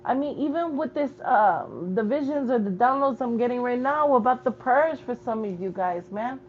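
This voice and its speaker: A woman's voice: on the high side, expressive, moderate pace, dull audio, slight background noise. A woman giving a spiritual message in a vlog, talking bluntly with plenty of swearing and street slang. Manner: blunt, profane, slangy preaching. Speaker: spiritual reader.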